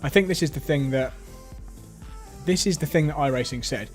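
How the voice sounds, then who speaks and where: A man's voice: fairly high pitch, normal speed, pauses often, soft background music. A man hosting a live stream, reading viewer comments aloud and adding wry asides.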